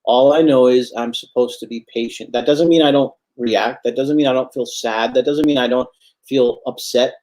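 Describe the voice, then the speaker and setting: A man's voice: mid-range voice, steady tone, moderate pace, a little mellow. A man giving a Friday sermon as imam, earnest and repetitive for emphasis, addressing his listeners as brothers and sisters.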